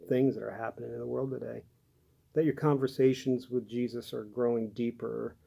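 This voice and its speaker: A man giving a gentle, halting devotional talk as a pastor, with many pauses and fillers. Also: medium pitch. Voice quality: gravelly.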